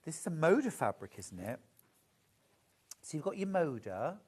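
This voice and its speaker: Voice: medium pitch, big pitch swings, normal speed, breathy edge. A presenter showing off fabric bundles live, gushing and admiring in a chatty way. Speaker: shopping channel presenter.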